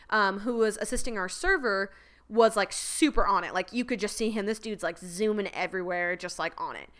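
A woman hosting a podcast, telling a story in a casual monologue, animated and laughing often, with lots of "like" fillers. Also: medium pitch, clear, resonant tone. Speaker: podcast host.

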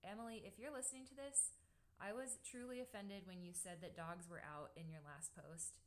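A woman's voice: medium pitch, fairly even intonation, moderate pace. A woman hosting a casual podcast, reading through a list of tips in a chatty, playful way. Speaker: podcast host.

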